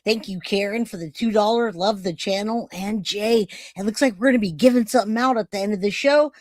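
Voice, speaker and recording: A man's voice: high voice, brisk, no room sound. Chatty man hosting a true-crime stream, dry close sound, thanks his chat by name. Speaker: livestream host. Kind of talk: casual true-crime livestream.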